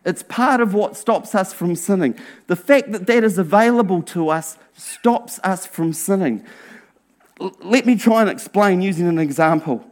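A man preaching a sermon as pastor, earnest and emphatic, asking rhetorical questions and dropping to a hushed voice at times. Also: high-pitched, expressive, normal speed. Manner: earnest, drops to a hushed near-whisper for emphasis.

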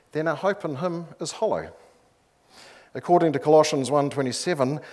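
A man's voice: on the high side, darkish tone. Man, preacher, sermon, conversational, emphatic repetition, church.

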